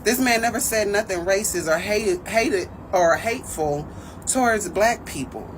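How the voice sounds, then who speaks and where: A woman's voice: mid-range voice, a little slow, slight background noise, rough recording. Earnest woman giving her opinion.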